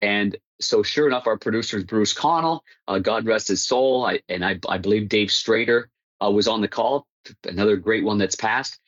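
A man with a lowish voice tells long broadcasting stories, stumbling and restarting as he goes and laughing at his own punchlines. The sound is dull and dry, like a muffled remote line. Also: moderate pace, fairly bright tone, dry recording. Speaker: hockey broadcaster, interview guest. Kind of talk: casual storytelling interview.

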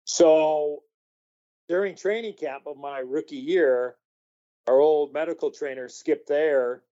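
A man's voice: on the high side, slow pace, dark tone, muffled recording. A man telling a story as a guest in an interview, rambling with many fillers and restarts. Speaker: guest, former hockey player.

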